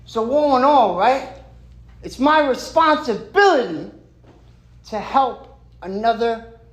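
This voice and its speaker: A man's voice: extremely high pitch, lively intonation, slow, roomy sound, poor audio. Emphatic streetwise man sharing on stage. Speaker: recovery meeting speaker. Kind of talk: sharing at a recovery meeting. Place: stage at a meeting hall.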